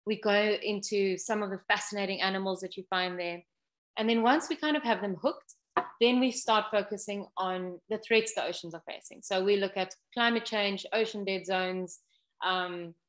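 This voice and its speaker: A woman's voice: medium pitch, steady tone, moderate pace, a bit bright. A woman, a guest on an interview, earnestly explaining an ocean education program step by step.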